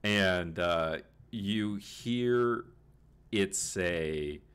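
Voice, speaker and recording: A man's voice: low-pitched, very slow, a bit bright, clean tone. A man narrating a tabletop game as game master, rambling with many fillers, on a home computer mic.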